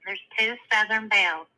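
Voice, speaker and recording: A woman calling in to a live show, slowly telling a long joke in a drawling storyteller way. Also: a little high, bright, forceful tone. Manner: slow drawling storyteller, laughs at her own joke. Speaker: caller. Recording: tinny phone line.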